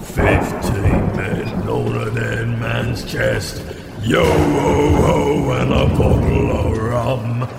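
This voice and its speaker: An actor playing a gruff old male pirate who chants a sea shanty in a gravelly voice. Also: mid-range voice, extremely slow, full character voice. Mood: menacing chant. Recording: roomy echo over loud music and thunder.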